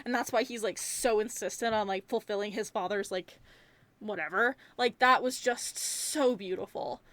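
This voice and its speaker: A young woman giving a casual movie review, animated and rambling, swearing freely as she rants. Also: mid-range voice, moderate pace, no echo. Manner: rambling, many fillers.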